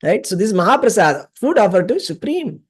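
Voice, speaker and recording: A man's voice: high voice, sing-song, a little fast, slightly rough. A man teaching a scripture class, telling stories, acting out the dialogue and often checking in with the listeners. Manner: repetitive, asks the class questions, acts out dialogue. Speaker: spiritual teacher. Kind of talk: class lecture with storytelling.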